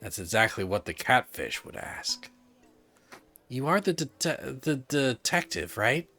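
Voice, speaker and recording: A man's voice: mid-range voice, very animated, unhurried, pushed and bright, soft background music, pitched above the performer's own voice, full character voice. A man reading a video game aloud, voicing a playful, cryptic young circus acrobat girl in a lifted voice. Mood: teasing.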